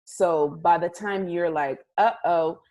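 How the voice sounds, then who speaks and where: A woman's voice: medium pitch, lively intonation, normal speed, darkish tone. A woman hosting a casual chat, playful and curious, asking eager questions. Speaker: host.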